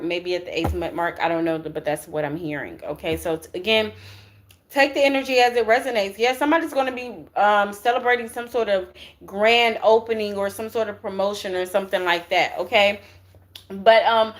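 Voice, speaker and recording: A woman talks through a spiritual tarot reading in a loose, conversational way. She speaks in a mid-range voice, keeps checking in with her listeners and drops slang and curse words freely. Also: medium pitch. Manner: chatty and slangy, with frequent "right?" and cussing. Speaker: tarot reader.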